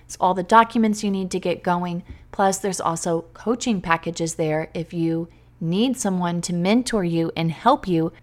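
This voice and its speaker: A woman's voice: on the low side, moderate pace, a little mellow. A woman hosting a podcast, talking earnestly and emotionally straight to her listeners in a heartfelt, faith-based way. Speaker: podcast host and teacher coach.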